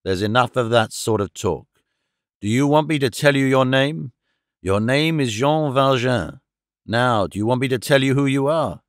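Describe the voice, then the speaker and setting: A man voicing a curt country innkeeper who speaks in a measured, cold and firm way. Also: medium pitch, clean tone, dry recording, clean studio sound, lightly acted. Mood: low, menacing.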